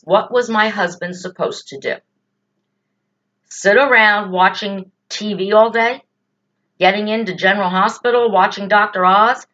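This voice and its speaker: A woman's voice: mid-range voice, a bit bright. Woman vlogger with an ordinary mid-range voice, blunt and exasperated, on a slightly dull lo-fi track. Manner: blunt, exasperated, with rhetorical questions and swearing. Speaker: political vlogger. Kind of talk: indignant political commentary.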